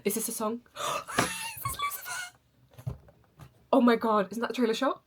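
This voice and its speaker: A young woman reacting to a show on her channel, gasping and gushing excitedly. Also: on the high side, brisk, heavy background noise. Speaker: reaction video host. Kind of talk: casual reaction commentary.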